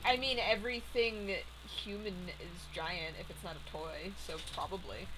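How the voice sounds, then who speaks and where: A woman's voice: medium pitch, fairly even intonation, normal speed, bright, forceful tone, a little hiss or hum, poor audio. A woman chatting casually on a voice call, teasing and laughing a lot. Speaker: friend on call. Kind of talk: casual chat.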